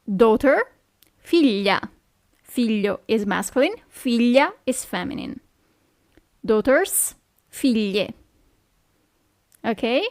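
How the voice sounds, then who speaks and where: A young woman with an Italian accent teaching a beginner lesson, repeating each word slowly and checking in with "ok?". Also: on the high side, lively intonation, darkish tone, dry recording, studio quality. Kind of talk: slow, clear language lesson.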